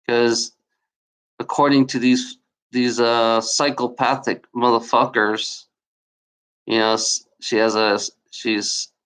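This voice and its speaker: A man with a mid-range, fairly bright voice posts an angry video rant. It's rambling and full of profanity, and he repeats himself often, complaining that he has been lied to.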